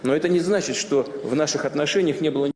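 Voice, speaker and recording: A man making an official public statement, asking measured rhetorical questions, in an echoey hall. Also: a little high, darkish tone. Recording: echoey hall with faint ambience.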